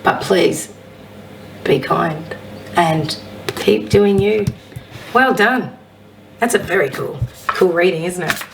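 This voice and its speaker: A woman with a husky voice, a psychic medium giving a casual oracle card reading and reading affirmations aloud. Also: on the low side, slow, pauses often, distant mic, noisy background. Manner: chatty, warm-hearted encouragement, reads affirmations aloud.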